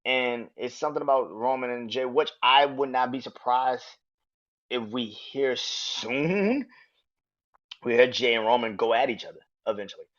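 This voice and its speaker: Profane, excitable man with a muffled sound. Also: medium pitch, moderate pace. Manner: excitable, profane, laughs often. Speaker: podcast host. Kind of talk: casual wrestling review.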